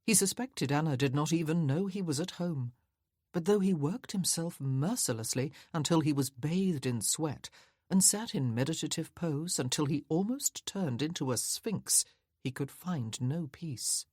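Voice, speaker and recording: A woman narrating a period novel as an audiobook, with a low, husky voice and a measured delivery. The reading is close and dry, with no room sound. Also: animated, a little mellow, no room sound.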